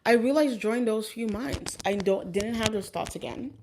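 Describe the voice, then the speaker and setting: A woman's voice: a little high, moderate pace, background noise. A woman telling a personal story in a casual, rambling way, with many fillers and restarts. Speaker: vlogger.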